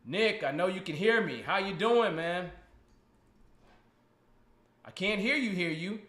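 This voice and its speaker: A man's voice: sits high, lively intonation, a little slow, fairly bright tone. A man hosting a casual live stream with a guest on a video call, joking, teasing and laughing often. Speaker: podcast host. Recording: roomy echo.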